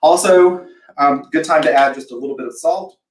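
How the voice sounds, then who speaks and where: A man's voice: a little high, normal speed, echoey room, distant mic, poor audio. A man from the American South hosting a live cooking demo, chatty and self-deprecating, acting out imagined reactions as he talks through a recipe. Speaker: host of a live cooking show.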